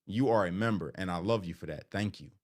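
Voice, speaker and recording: Casual low-voiced man chatting live. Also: fast talker. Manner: casual, talkative, reads viewer comments aloud and answers them. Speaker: live stream host reading chat. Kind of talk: casual live stream chat.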